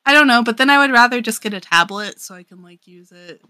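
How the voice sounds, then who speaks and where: A young man with a very bright, sharp voice co-hosting a relaxed podcast. He laughs easily and fills his talk with casual fillers, recorded dry and close. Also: extremely high pitch, fast, clear, resonant tone, dry recording. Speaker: podcast co-host. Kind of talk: casual chat.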